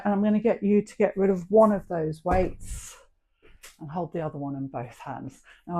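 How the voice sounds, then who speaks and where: A woman's voice: fairly low pitch, dark tone. A middle-aged woman leading a live online workout class, cueing each rep and posture in an encouraging, practical way. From England. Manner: encouraging, cueing reps and form. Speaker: fitness instructor.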